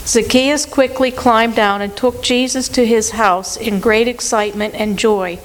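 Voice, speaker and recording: A woman reading Bible passages aloud in a steady, even delivery during a Bible study. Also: a little high, unhurried, few pauses, rough recording. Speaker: scripture reader.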